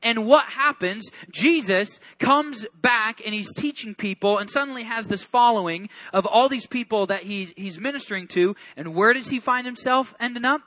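A male pastor delivers a lively sermon with a very high, bright voice. He tells the story energetically, stumbling over quick restarts and slipping into acted asides.

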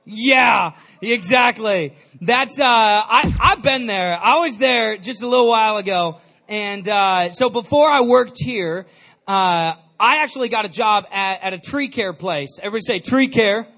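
A man giving an energetic storytelling sermon to a live audience, chatty and calling out questions to the crowd. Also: high voice, measured pace. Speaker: youth speaker.

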